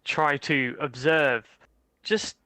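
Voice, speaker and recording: A man's voice: a little high, steady tone, very slow, pushed and bright, dry recording, poor audio. A man playing a tabletop game, asking tentative, careful questions. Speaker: player.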